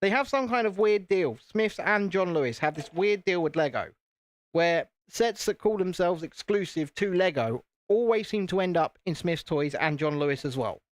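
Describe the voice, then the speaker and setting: A man's voice: sits high, lively intonation, normal speed, no echo. A British man hosting a casual live stream, chatting to viewers while he builds and poking fun at himself. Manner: chatty, self-deprecating, talks to viewers.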